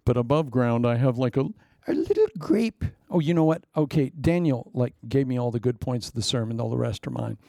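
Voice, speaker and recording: A man's voice: medium pitch, lively intonation, a little fast, vocal fry, dark tone, dry recording, studio quality. A middle-aged man preaching a sermon as pastor, conversational and joking, with laughing asides.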